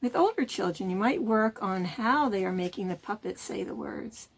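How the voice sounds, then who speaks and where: A woman's voice: mid-range voice, animated, moderate pace, gravelly, breathy edge. A woman hosting a puppetry channel, explaining puppet techniques in an encouraging, teacherly way. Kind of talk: instructional video.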